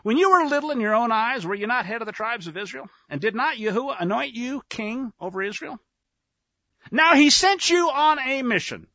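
A man's voice: very high-pitched, expressive, moderate pace, bright, forceful tone, dry recording, highs cut off, pitched above the performer's own voice, full character voice. A man voicing a stern, sarcastic old prophet rebuking a king. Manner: sarcastic, scolding.

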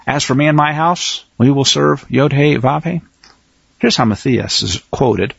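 A man's voice: mid-range voice, unhurried, vocal fry, a bit bright, slightly rough, dry recording, dull audio. A man preaching a sermon, reading scripture aloud and commenting in a folksy, fiery way.

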